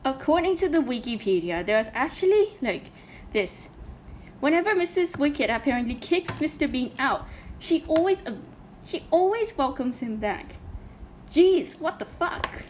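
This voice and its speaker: A woman's voice: high-pitched, very animated, normal speed, slight background noise. A woman reacting to a cartoon in casual, indignant commentary, swearing often and filling with "like" and "you know". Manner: indignant, swears a lot, many fillers. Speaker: reaction video host.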